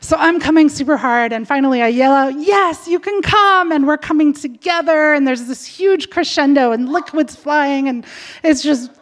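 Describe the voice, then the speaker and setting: A woman's voice: sits high, normal speed. A woman telling a personal story in a candid, chatty way, full of fillers.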